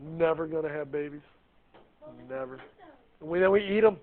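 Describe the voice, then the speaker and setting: A man's voice: fairly high pitch, moderate pace. Jokey male teacher on a tinny recording. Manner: jokey, chatty, asks the class questions. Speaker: high school biology teacher. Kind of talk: classroom lecture. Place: classroom.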